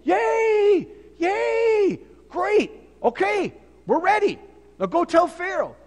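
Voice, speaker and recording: A man voicing a crowd of enslaved Israelites in a sermon retelling, loud and emphatic. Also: high-pitched, unhurried, in a large hall, pitched below the performer's own voice. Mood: cheering. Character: crowd of enslaved people, cheering then bitter.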